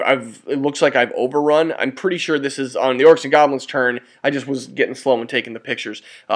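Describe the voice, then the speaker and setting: A man at an ordinary pitch talks through a tabletop wargame battle report, walking a listener through photos one turn at a time. His delivery is loose and excitable: he trails off, restarts sentences, corrects his own notes and throws in mild curses and exclamations. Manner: rambling and excitable, often restarts and corrects himself. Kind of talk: casual play-by-play narration over photos.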